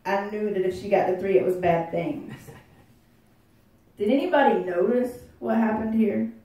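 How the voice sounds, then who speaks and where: A woman's voice: mid-range voice, normal speed, warm tone. A woman pastor preaching a sermon in a church, folksy and conversational, joking with the congregation. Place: church sanctuary. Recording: echoey room, voice heard from a distance.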